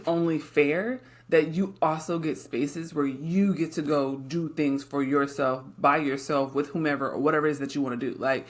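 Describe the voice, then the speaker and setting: A middle-aged woman co-hosts a casual podcast conversation. She speaks frankly and with emphasis, and keeps turning to her partner with quick tag questions. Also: low-pitched. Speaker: podcast co-host.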